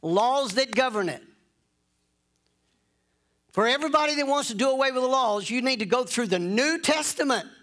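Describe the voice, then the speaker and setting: A man's voice: very high voice, quick pace, hardly any pauses, fairly bright tone. A man preaching a sermon in an emphatic, insistent way, repeating phrases to drive points home.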